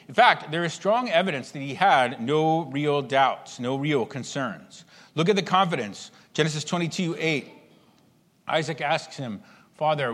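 A man preaching a sermon with emphasis, voicing imagined inner thoughts and swinging between hushed and raised delivery. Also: a little high. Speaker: pastor. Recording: long hall reverb.

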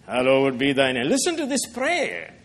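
A man preaching a sermon in a church, impassioned, swinging from hushed asides to soaring lines and asking the congregation questions. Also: medium pitch, huge pitch swings, normal speed, big-room sound. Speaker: pastor.

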